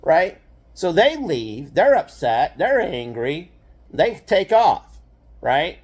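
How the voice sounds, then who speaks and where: A man's voice: on the high side, sing-song, takes it slowly, a little mellow, slightly rough. An older man telling a childhood memory in a loose, rambling way, often checking in with "right?" and laughing wryly at the grim parts. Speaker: grandfather storyteller. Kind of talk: casual personal storytelling.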